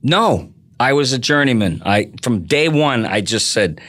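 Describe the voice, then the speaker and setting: Animated, bright-voiced older man. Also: medium pitch, unhurried. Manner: animated, jokey. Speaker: voice actor guest. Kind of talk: casual chat.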